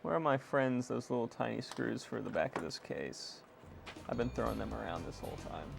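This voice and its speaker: A young man casually chatting to viewers on a live stream while repairing a console, excitable and swearing freely. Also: mid-range voice, fairly quick, vocal fry, music in the background. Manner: excitable, swears, self-deprecating laughs.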